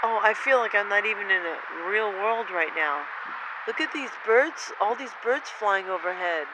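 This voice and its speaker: A woman filming outdoors on a phone, giving an excited, breathless running commentary and exclaiming over and over. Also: mid-range voice, normal speed, very noisy. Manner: breathless, exclaiming, repeating herself. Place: outdoors in the cold.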